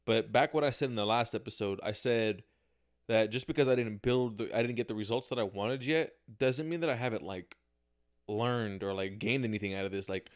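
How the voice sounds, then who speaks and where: A man's voice: lowish voice, brisk. A young man hosting a casual solo livestream podcast, talking candidly into a camera with slang and swearing, often acting out his own reactions. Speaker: podcast host. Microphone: camera mic, talking to camera.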